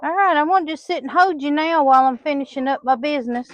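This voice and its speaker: A woman's voice: sits high, fairly even intonation, quick pace, no echo. A woman chatting while she does chores in a poultry pen, scolding her hens like children in a sing-song voice. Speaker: farm vlogger. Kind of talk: casual talk while doing farm chores. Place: outdoor poultry pen on a small farm. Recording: dull lo-fi outdoor recording.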